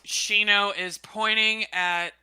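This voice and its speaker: Bright, clear-voiced woman player. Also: mid-range voice, steady tone, slow, no room sound. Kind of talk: tabletop game play.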